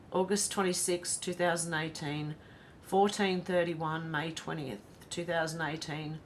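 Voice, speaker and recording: An Australian woman reads viewer comments aloud on her casual livestream, greeting each commenter by name. Her pitch is fairly low but her tone is fairly bright, and there's slight background noise.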